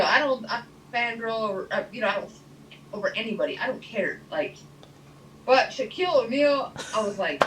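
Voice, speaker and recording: A fairly high-voiced woman speaks in a brash, animated way, laughing as she talks. She sounds distant from the mic in an echoey room, with clear ambient noise behind her. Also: normal speed. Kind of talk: casual interview storytelling. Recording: roomy, distant, noisy.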